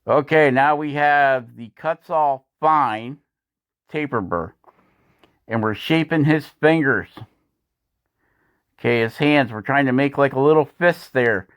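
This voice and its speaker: A man talks through his carving work in a relaxed, rambling manner and often chuckles as he goes. His voice sits at a mid pitch for a man. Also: slow pace, pauses often, smooth. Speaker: woodcarving channel host. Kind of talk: voice-over narration of a carving video.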